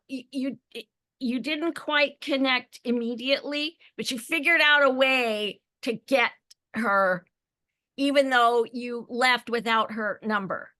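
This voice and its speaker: Bright-voiced eager woman. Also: on the high side. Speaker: group member. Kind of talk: casual chat.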